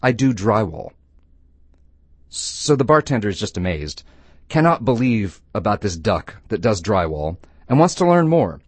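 Animated man hosting a call-in radio show. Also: fairly low pitch, normal speed, dry recording. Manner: playful, animated storytelling. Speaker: radio host.

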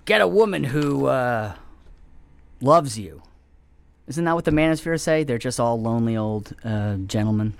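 A man's voice: mid-range voice, lively intonation, moderate pace, creaky, no echo. A man hosting a comedy show, delivering a rambling, self-mocking monologue with sudden whispered asides. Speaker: comedy show host taking calls.

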